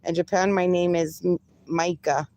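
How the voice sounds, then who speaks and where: A woman's voice: fairly low pitch, steady tone, moderate pace, darkish tone, no echo, muffled recording. A woman livestreaming, reading viewer comments aloud and bantering with them, laughing often. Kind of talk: casual live-stream chat.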